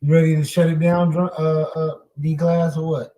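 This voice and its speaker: A man's voice: fairly high pitch, flat delivery, moderate pace, dark tone, poor audio. A man co-hosting a podcast, chatting casually with jokes and slang. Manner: joking, slangy. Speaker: podcast co-host. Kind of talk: casual chat.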